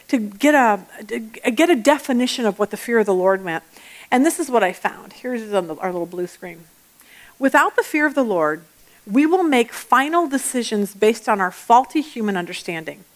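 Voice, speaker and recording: A woman's voice: on the high side, moderate pace. Chatty woman teaching a Bible study. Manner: chatty and animated, with personal stories and restarts; acts out everyday voices mid-talk.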